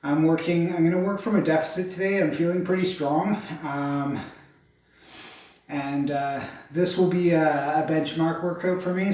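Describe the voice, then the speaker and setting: A man's voice: on the high side, a little mellow, distant mic. A man recording a casual workout check-in vlog, a little out of breath, rambling with lots of ums and uhs. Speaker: fitness vlogger. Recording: very echoey room, off-mic.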